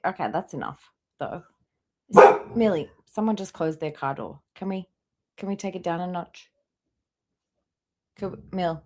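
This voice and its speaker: A woman's voice: mid-range voice, a little mellow, a little hiss or hum. A woman hosting a live stream, mocking and swearing as she comments on clips in a casual, blunt way. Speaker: livestream host reacting to clips.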